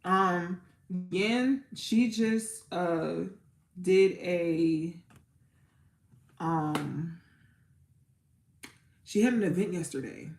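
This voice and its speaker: A woman's voice: on the low side, extremely slow, long pauses. A woman tarot reader hosting a casual livestream, talking to her community in a chatty, repetitive way before leading a spoken prayer. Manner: warm, chatty, repeats herself, near tears at times. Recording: roomy echo.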